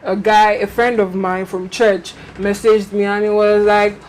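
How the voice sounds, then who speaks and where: A woman's voice: mid-range voice, flat delivery, measured pace, darkish tone, a little hiss or hum. A young woman hosting a casual chat show, telling stories animatedly and acting out the messages she gets. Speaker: host.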